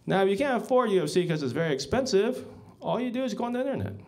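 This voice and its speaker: A male comedian with a fairly high voice that swings widely up and down, rambling through a stand-up set as the emcee. He mocks himself and chuckles at his own lines. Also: sing-song, quick pace, darkish tone. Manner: rambling, self-mocking, with chuckling asides.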